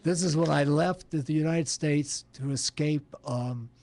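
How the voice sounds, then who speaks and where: An older man hosting a radio talk show, chatting casually in a rambling, halting way, with jokey asides. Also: fairly high pitch, a little mellow. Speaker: show host.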